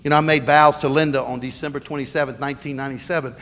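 A man's voice: mid-range voice, fairly even intonation, rapid-fire, fairly bright tone, slight background noise. A middle-aged man, a pastor, preaching a sermon earnestly and with emphasis, often stumbling and restarting. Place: church sanctuary. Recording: long reverb of a large hall.

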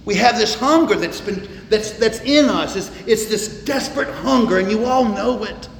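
A man preaching from the pulpit, his voice pitched high and carrying emphatic, repeated phrases. The sound rings with long reverb in a roomy church hall. Faint ambience stays in the background. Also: gravelly, a little hiss or hum. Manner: emphatic preaching, repeats words, slows for stress. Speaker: pastor. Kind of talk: sermon.

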